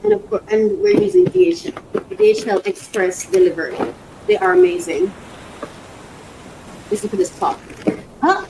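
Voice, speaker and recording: Chatty woman unboxing stuff, voice jumps all over, bit of rumble behind. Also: very animated, moderate pace, vocal fry, long pauses. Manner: rambling, emotional, repeats herself. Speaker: podcast host. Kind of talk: casual unboxing vlog.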